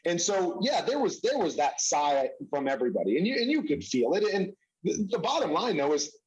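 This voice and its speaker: A man's voice: a little high, very animated, fairly quick, lo-fi sound. A middle-aged man who played football, answering interview questions in a humble, reflective way that is full of fillers. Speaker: interview guest, former football quarterback. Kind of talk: conversational interview.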